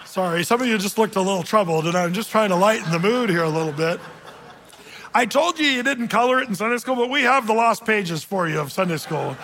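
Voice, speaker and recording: Man, pastor, sermon, animated joking storytelling, high voice, long hall reverb. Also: a little fast.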